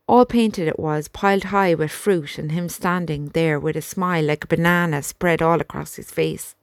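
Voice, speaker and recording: Woman reading an audiobook, fairly low-pitched. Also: dry recording, studio quality. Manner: measured, expressive storytelling. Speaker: audiobook reader. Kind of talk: scripted narration.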